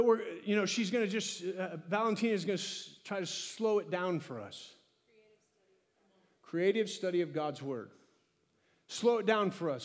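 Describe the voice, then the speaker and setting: A man preaching a sermon as pastor, animated, acting out his own talks with God. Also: high-pitched. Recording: long hall reverb.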